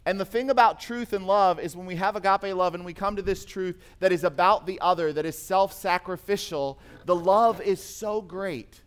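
A man's voice: high voice, normal speed, few pauses, clean tone. Storytelling male preacher. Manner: storytelling preacher, swings from emphatic to quiet and intimate. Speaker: pastor. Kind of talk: sermon.

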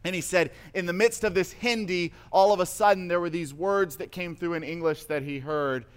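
A man's voice: high voice, fairly even intonation, normal speed, smooth. A man giving a sermon, retelling a story at length and acting out the voices of the people in it. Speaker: preacher.

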